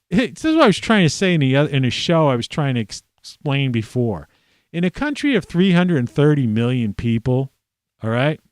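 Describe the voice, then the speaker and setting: A middle-aged man rants in a loose, rambling monologue, swearing freely and breaking off mid-sentence to restart. His voice sits at an ordinary pitch, close to the mic in a dry room with no echo. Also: clear, resonant tone. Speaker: video blogger. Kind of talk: profane ranting monologue.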